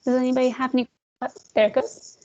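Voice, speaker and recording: A woman walks agents through a software demo in a loose, friendly way, calling them "guys" and cracking small jokes when the screen is slow. Her voice sits a bit high. The sound is dull and lo-fi, like audio from a web call. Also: little pitch movement. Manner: chatty, addresses audience as guys, jokes about glitches. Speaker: real estate software trainer. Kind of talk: screen-share software tutorial.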